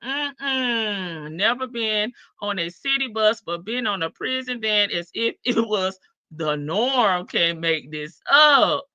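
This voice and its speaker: A woman hosts a live stream, teasing and sassy as she reacts. Her voice is very bright and lively in pitch, and she talks at an unhurried pace. The sound is dry and slightly dull. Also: smooth, no echo. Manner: sassy, teasing, laughs often. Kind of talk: casual reaction commentary.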